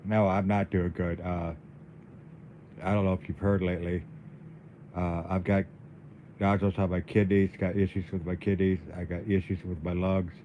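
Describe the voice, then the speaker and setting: A man livestreaming in a casual, halting way, dizzy and weak, often repeating his words. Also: low voice, flat delivery, phone-quality sound, slight background noise. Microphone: phone.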